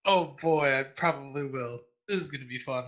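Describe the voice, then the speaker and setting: A man with a mid-range voice plays a tabletop game over voice chat at a moderate pace, the audio's highs cut off. Excitable and self-deprecating, he keeps apologizing for his mistakes.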